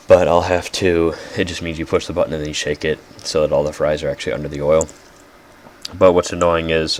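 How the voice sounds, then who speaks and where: Young male podcaster, extremely low voice, rambling and self-mocking, faint hiss behind. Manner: rambling, loses track, frequent "like" fillers. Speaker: podcast host. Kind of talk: casual rambling solo podcast.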